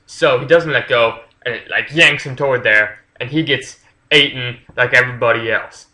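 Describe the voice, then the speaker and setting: A man with a very bright, sharp voice reviewing a book for his vlog in an offhand way. He is slangy and freely profane, and scatters fillers through his sentences. His pitch sits in an ordinary middle range for a man. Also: moderate pace, roomy sound. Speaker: channel host.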